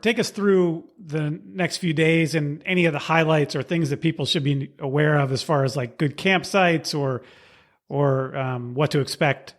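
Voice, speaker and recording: A man's voice: fairly high pitch, normal speed. A man hosting a hiking podcast, affirming his guest and laughing easily. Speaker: podcast host. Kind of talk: conversational interview.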